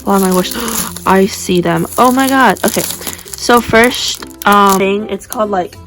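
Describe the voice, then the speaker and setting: A young woman chatting casually as she unboxes squishy toys, gushing and gasping with excitement. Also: mid-range voice, takes it slowly, over music. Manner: excitable, gushing, breathless gasps.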